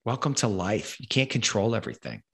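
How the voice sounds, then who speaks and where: A man's voice: fairly low pitch, big pitch swings, brisk, vocal fry, a bit bright, husky. A man hosting a conversation, ranting angrily and emphatically with lots of swearing. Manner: profane, angry, emphatic ranting. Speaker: podcast host.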